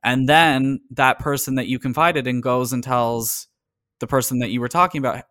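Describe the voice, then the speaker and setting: A man's voice: mid-range voice, steady tone, normal speed, fairly bright tone, no echo, studio quality. A man from Canada in casual conversation as a podcast co-host, talking earnestly and reflectively about personal experience.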